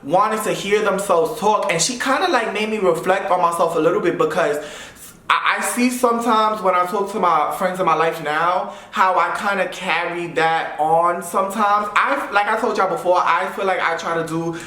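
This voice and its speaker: A young man from Brooklyn, telling a storytime vlog in an animated way and mimicking the people in it. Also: high voice, moderate pace, roomy sound. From Brooklyn, New York. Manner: animated, mimics voices, says blah blah. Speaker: YouTuber. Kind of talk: storytime while getting ready.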